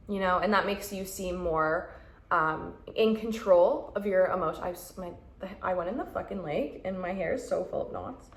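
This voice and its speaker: Speaking at a medium pitch and normal speed, a young vlogger from Canada gives candid, conversational advice, playing out quoted thoughts as she goes. The audio has a roomy echo.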